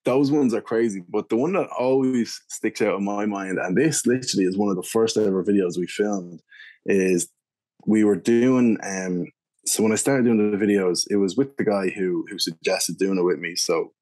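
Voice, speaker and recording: Rambling young Irish man, lowish voice. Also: moderate pace, a little mellow. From Ireland. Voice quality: rambling, full of "like" and restarts. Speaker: guest, beer reviewer. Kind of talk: casual storytelling interview.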